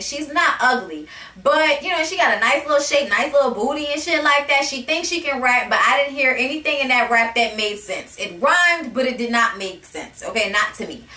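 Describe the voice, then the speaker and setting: A high-voiced woman rants about a reality TV episode in a sassy, blunt, profane way. Her voice is bright. The room is echoey and she sits a little back from the mic. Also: recorded from a distance. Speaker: reality TV reviewer. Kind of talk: casual rant to camera.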